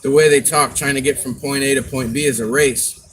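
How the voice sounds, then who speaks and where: A man hosts a casual livestream, rambling from one story to the next and acting out little quoted asides. His voice sits at an ordinary middle pitch. Steady background noise and passing vehicles run under the talk. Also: fairly quick, low-quality recording. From Scotland. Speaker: livestream host. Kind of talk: casual chat.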